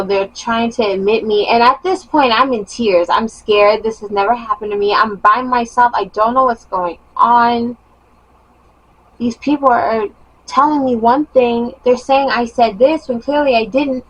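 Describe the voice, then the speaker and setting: A young woman vlogger telling a personal story in a casual, animated monologue with emphatic rising bursts. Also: fairly high pitch, slightly rough, low-quality recording.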